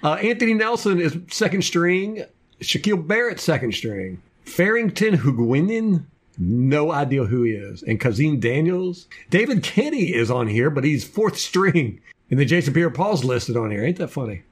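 A man's voice: fairly high pitch, very animated, normal speed, slightly rough. A man co-hosting a casual sports podcast, running through a team depth chart with jokey asides. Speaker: podcast co-host.

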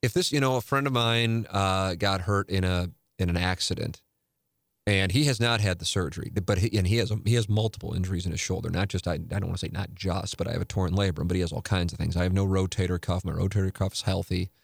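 Host, 40s, male: low gravel, rambling and blunt, casual chat. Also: steady tone, quick pace, no room sound, clean studio sound. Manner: rambling, self-interrupting, candid and profane. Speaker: podcast host.

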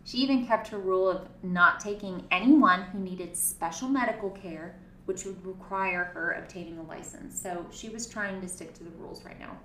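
A woman co-hosting a casual true-crime podcast, telling the story in an animated way with sarcastic asides. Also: medium pitch, normal speed, slight background noise. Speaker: podcast co-host. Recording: roomy, distant mic.

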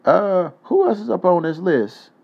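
A young man hosting a casual solo podcast, joking loosely and swearing freely as he gives shout-outs to listeners. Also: high voice, lively intonation, unhurried, creaky, lo-fi sound. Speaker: podcast host.

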